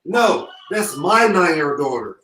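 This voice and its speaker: A grieving father speaking through tears, halting and repeating himself with deep emotion. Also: big pitch swings, fairly bright tone. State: holding back tears. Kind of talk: emotional live call-in. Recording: echoey call from far off.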